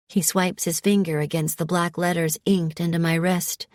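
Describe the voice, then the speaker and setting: A woman narrating a first-person romance audiobook in a calm, soft, measured way. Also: fairly low pitch, no room sound, clean studio sound.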